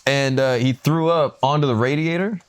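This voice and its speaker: A man's voice: mid-range voice, moderate pace, clean tone. A man in casual podcast chat, laid-back, laughing through his stories. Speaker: podcast co-host.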